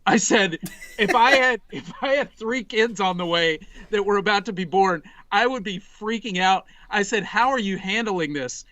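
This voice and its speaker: A man in his forties, a podcast guest, telling an animated, rambling story in casual chat, full of restarts. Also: sits high, normal speed, no echo.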